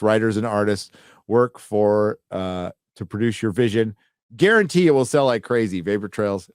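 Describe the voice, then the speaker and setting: A man's voice: on the low side, normal speed, smooth, no room sound, studio quality. A man hosting a casual livestream, rambling loosely and swearing as he reads out viewer donations. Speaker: livestream host.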